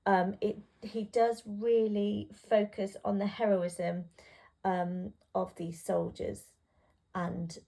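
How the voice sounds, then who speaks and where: Woman, literature tutor, revision lesson, creaky low-bright voice, relaxed and hesitant delivery. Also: slow. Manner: casual and unscripted, with frequent ums and restarts. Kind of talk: revision lesson, talking through a poem.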